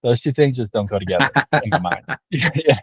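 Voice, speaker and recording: A man's voice: medium pitch, animated, fairly quick, fairly bright tone, slightly rough, dry recording. A man chats casually over a video call. He muses at length with many fillers. His mid-range voice comes through dry and close. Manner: reflective, rambling with many "like"s. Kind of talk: casual panel chat.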